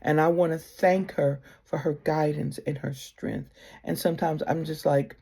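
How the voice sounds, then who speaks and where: A woman giving casual spiritual advice to camera, heartfelt and conversational, sometimes sinking to a soft near-whisper. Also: low voice, steady tone, moderate pace, creaky, slightly rough.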